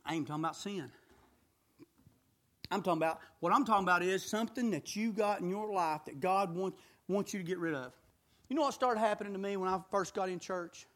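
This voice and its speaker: A middle-aged man preaching a sermon, folksy and full of rhetorical questions, swinging from shouts to low intimate talk. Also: a little fast.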